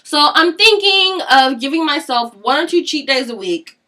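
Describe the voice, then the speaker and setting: A high-pitched young woman vlogs at home in a blunt, casual rant. She swears freely and slips in laughing asides, and her voice is bright and forward. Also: lively intonation, normal speed. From Seattle area, US. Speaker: vlogger.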